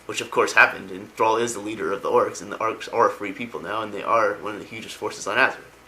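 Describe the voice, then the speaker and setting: A man's voice: lowish voice, fairly even intonation, fast, pushed and bright, slight background noise, rough recording. A young man casually retelling a story, rambling and enthusiastic with slangy asides. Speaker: lore explainer.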